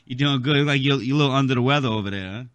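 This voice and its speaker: A man's voice: mid-range voice, very fast, a bit bright, no echo, highs cut off. A man hosting a talk radio show, rambling through a casual monologue with many fillers, and he has the hiccups.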